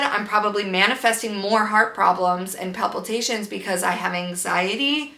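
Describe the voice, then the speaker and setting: A woman's voice: medium pitch, normal speed, gravelly, bright, forceful tone. A young woman vlogging at home in casual chat, frustrated and rambling, swearing freely. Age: young adult. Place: home room with a loud air conditioner. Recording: echoey room, faint hum.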